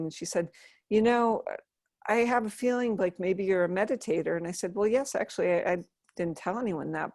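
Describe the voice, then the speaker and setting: The sound is clean studio audio with no room sound. Earnest and gentle, a middle-aged American Buddhist nun with a lowish voice tells her life story to an interviewer, restarting sentences often.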